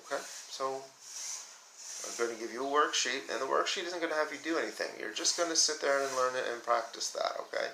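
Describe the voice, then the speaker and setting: A male teacher giving a recorded lesson for young children, patiently counting aloud slowly with his pupils. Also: mid-range voice, pushed and bright, reverberant, slight background noise, poor audio.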